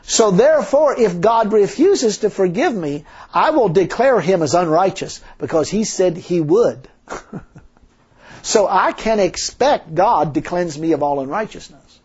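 A man's voice: high-pitched, animated, a little slow, darkish tone, husky. A man preaching a sermon in a folksy, emphatic way, full of rhetorical questions. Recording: dull lo-fi sermon recording.

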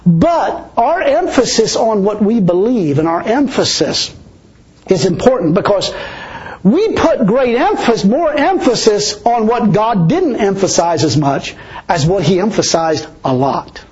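A man's voice: high voice, big pitch swings, measured pace, darkish tone. A man preaching a sermon as pastor, chuckling often and repeating words for emphasis. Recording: dull lo-fi recording.

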